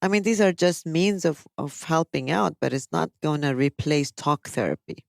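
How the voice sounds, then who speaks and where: A woman's voice: deep voice, normal speed, gravelly, dry recording. Woman psychologist, podcast host, explanatory, dry close sound. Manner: explanatory, animated when quoting people. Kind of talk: casual podcast discussion.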